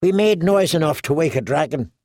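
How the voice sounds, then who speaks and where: A man's voice: a little high, animated, a little fast, a little mellow, no room sound, clean studio sound. A man voicing a blunt, tough wild woman fighter. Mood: grim. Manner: blunt, commanding. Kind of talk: audiobook character voice.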